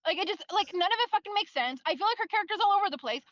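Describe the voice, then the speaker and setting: Bright, high-voiced woman ranting. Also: animated, very fast, muffled recording. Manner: profane, ranting. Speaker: book club member. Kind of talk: casual chat.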